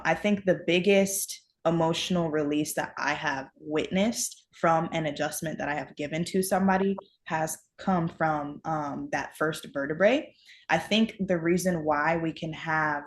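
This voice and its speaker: Low-voiced woman chiropractor explaining. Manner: earnest, explanatory, acts out patient talk. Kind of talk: interview guest explaining.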